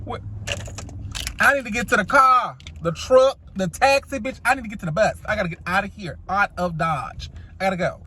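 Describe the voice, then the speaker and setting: A woman's voice: medium pitch, brisk, sharp tone, slight background noise. A woman telling a dramatic story to the camera in a casual vlog, sassy and profane, calling her listeners honey and child. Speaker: storytime vlogger.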